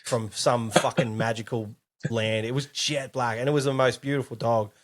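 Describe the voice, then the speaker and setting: A young Australian man, a podcast guest, telling animated stories full of swearing and laughter. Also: mid-range voice, moderate pace. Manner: animated, profane, laughing storyteller. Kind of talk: casual chat.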